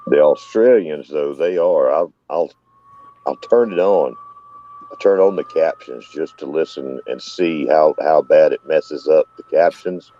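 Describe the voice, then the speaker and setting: A man's voice: rumbling low, measured pace, warm tone, slight background noise. A man with a Southern US accent hosting a casual live-stream chat, telling rambling stories. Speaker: host. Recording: dull lo-fi dry sound.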